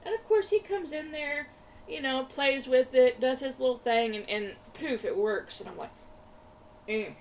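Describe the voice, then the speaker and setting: A craft vlogger with a high-sitting voice chats casually at normal speed while she crafts, rambling, laughing often and repeating her words. The mic is slightly distant, with faint room noise.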